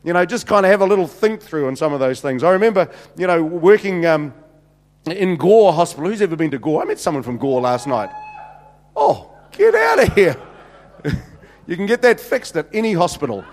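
NZ man preaching, jokey storyteller, slightly high voice, echoing hall. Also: animated, fairly quick, darkish tone, a little hiss or hum. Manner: chatty, jokey, many restarts and "you know"s. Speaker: pastor. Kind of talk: humorous sermon storytelling. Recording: reverberant hall.

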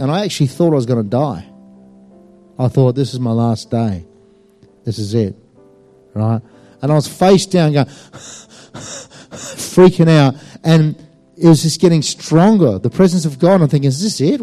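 Male speaker, warm-toned, emphatic testimony with lots of ums, soft music bed. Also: a little high. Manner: animated and emphatic, with many fillers. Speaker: speaker giving a personal testimony. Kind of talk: storytelling testimony.

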